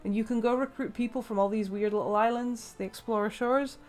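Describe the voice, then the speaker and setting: A woman's voice: a little high, fairly even intonation, a little fast, darkish tone, faint music behind. Chatty English woman playing a game. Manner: chatty, rambling, many fillers and laughs. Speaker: let's play host. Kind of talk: casual gameplay commentary.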